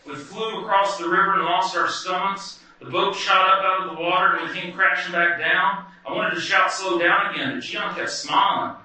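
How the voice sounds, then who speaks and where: A man performing a wry, animated first-person story live. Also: high voice, normal speed, few pauses. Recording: echoey hall from far off.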